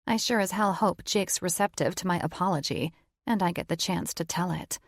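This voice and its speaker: A woman's voice: fairly low pitch, brisk, gravelly, no room sound, clean studio sound. A woman narrating a first-person romance audiobook in a wry, conversational tone. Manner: wry, conversational inner monologue.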